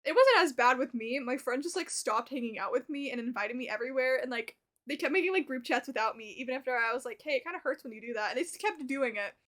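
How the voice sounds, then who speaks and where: A young woman streamer in casual, animated gameplay commentary, chatty and swearing casually. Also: sits high, fast talker, few pauses.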